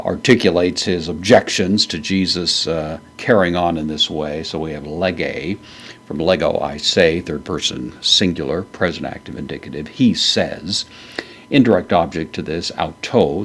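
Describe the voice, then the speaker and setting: A man giving a methodical verse-by-verse grammar lesson, pausing often with "uh" fillers. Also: low-pitched, a bit bright, slight background noise. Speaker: Greek New Testament teacher.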